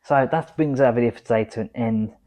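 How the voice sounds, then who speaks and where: A man's voice: mid-range voice, fast talker, mellow. Guy hosting his car vlog, reading stuff out and chatting in between, easygoing. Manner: chatty, adds asides while reading. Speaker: car vlogger. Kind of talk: casual vlog, reading quiz answers aloud.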